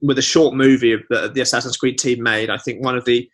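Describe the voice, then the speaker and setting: A young man co-hosting a podcast, chatting casually with quick jokes and asides. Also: medium pitch, flat delivery, fairly bright tone. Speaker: podcast co-host. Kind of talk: casual chat.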